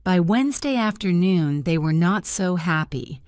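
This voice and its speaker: Slow, low-pitched woman reading a story. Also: animated, a little mellow, no echo, studio quality. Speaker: narrator. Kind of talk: graded-reader story narration.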